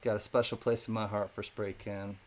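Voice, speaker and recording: A man's voice: on the low side, little pitch movement, normal speed, a little hiss or hum. A man hosting a live-stream coin auction in a chatty, casual way, thanking viewers by name between calls.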